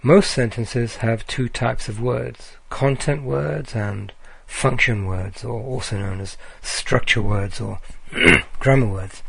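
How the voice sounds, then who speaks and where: Slow, gravelly-voiced male lecturer. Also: mid-range voice, a bit bright, no echo. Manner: slow, deliberate with frequent ums and uhs. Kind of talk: recorded slide lecture.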